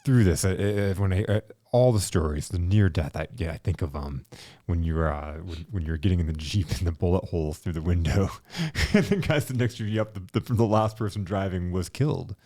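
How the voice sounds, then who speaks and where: A male podcast host with a low, mellow voice, recorded dry and close. He asks questions in a rambling, hesitant way and often repeats his words. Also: brisk, few pauses, no echo. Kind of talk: casual interview.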